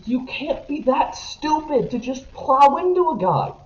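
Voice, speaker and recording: A young man on a sports podcast, ranting and swearing as he swings from low grumbling to loud outbursts. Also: a little slow, crowd noise. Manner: animated, profane, jumps between grumbling and shouting. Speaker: podcast co-host. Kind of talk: casual sports podcast rant. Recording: roomy, slightly dull podcast audio.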